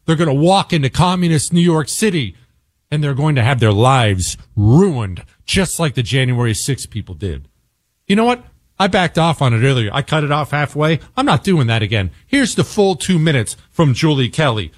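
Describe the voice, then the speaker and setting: Emphatic talk-radio man, lively pitch. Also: moderate pace, no room sound, clean studio sound. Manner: emphatic, angry, repeats words for stress. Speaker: radio talk show host. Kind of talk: opinionated political monologue.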